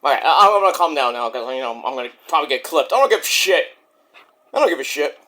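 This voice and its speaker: A man's voice: on the high side, very animated, quick pace, sharp tone. A male wrestling vlogger in an angry, profane rant, combative and repetitive.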